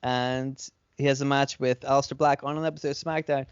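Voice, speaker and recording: A man's voice: medium pitch, flat delivery, fairly quick, clean tone, no room sound. A man co-hosting a podcast, casually retelling an imagined storyline with lots of fillers and swearing. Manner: rambling, filler-heavy, profane retelling. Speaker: podcast co-host. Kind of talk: casual fantasy-booking storytelling. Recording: dry, slightly dull lo-fi sound.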